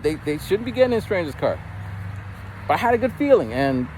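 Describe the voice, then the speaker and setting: Rambling man with a lively voice. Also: high voice, fast, slight background noise. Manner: rambling, many restarts and repeated words. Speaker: vlogger. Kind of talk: casual storytelling. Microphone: phone.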